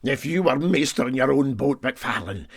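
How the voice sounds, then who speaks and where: A man's voice: lively intonation, normal speed, husky, no echo, clean studio sound. Man doing a huffy Scottish ship engineer. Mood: grumbling. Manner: emphatic, raised and higher-pitched. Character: grumbling middle-aged male ship's engineer, indignant.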